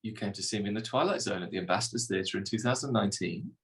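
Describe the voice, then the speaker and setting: A man's voice: lowish voice, animated, rapid-fire, fairly bright tone, rough recording. A man chatting as an actor guest, rambling and teasing, often restarting his sentences. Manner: rambling, teasing, self-correcting. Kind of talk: relaxed conversational chat.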